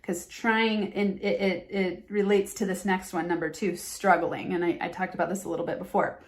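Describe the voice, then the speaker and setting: A woman's voice: fairly low pitch, little pitch movement, moderate pace. A woman hosting a motivational business podcast, talking earnestly and with emphasis, and acting out the phrases she wants listeners to drop. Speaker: podcast host and business coach.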